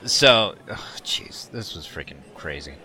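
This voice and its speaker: A man co-hosting a podcast, telling a story in a casual, animated way and laughing often. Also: lowish voice, takes it slowly. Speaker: podcast co-host.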